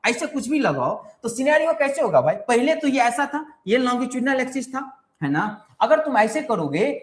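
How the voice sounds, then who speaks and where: A man with an Indian English accent teaching a live online exam-prep class. He switches between English and Hindi, repeats his points and keeps quizzing his viewers. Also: high-pitched. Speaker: engineering exam tutor. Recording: roomy echoey room.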